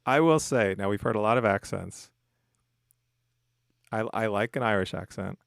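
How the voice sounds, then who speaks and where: Casual podcast co-host, man, low and gravelly, speculative, dry booth sound. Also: moderate pace, dry recording. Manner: speculative, trailing off into soft asides. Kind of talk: casual chat.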